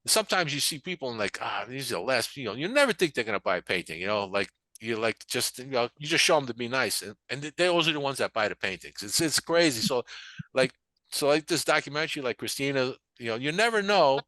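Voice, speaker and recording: An older man tells his story in a loose, rambling way, slipping into the voices of people he quotes. His voice is bright and forceful. The sound is dry and close. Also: mid-range voice, very animated, fast, no room sound. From New York. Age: 60s. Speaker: painter and barbershop manager. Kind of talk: casual storytelling interview.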